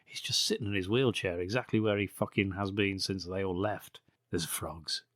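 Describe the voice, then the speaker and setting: A man's voice: sits low, steady tone, brisk, fairly bright tone, no room sound, clean studio sound. A man hosting a podcast, sarcastically recapping a bad film with frequent swearing and laughter. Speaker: podcast host.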